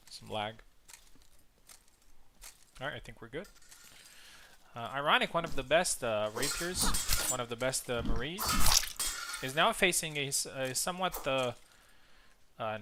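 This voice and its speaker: A man's voice: medium pitch, very noisy. A man whose first language is a Latin language, commenting live on a game tournament in a casual way, with frequent fillers and restarts.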